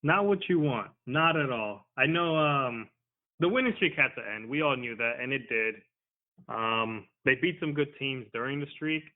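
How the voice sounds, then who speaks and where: A man's voice: mid-range voice, animated, normal speed. An easygoing man talking sports as a podcast guest. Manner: easygoing, conversational. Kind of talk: casual podcast chat. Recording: tinny phone-like line.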